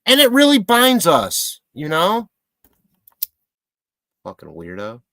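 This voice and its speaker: A man chats loosely on a live stream, his pitch bouncing up and down as he jokes and rambles through viewer comments. The sound is dry and close, with no room echo. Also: huge pitch swings, slow, fairly bright tone. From Michigan, USA. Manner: rambling, joking, talks to his pet. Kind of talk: casual live-stream chat reading comments.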